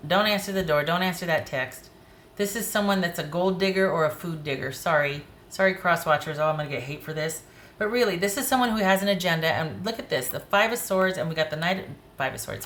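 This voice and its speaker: A woman with a low-pitched voice reads tarot cards casually to camera. She is blunt and animated and speaks straight to the viewer. A faint hiss sits under the recording. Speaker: tarot reader.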